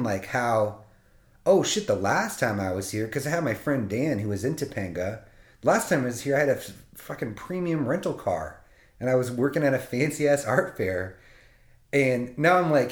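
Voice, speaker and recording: A man spins a comic story about his own misadventures in a loose, casual way, swearing freely and breaking into laughter as he goes. His voice sits at an ordinary middle pitch and carries the roomy echo of the space around him. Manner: profane, animated, laughing between lines.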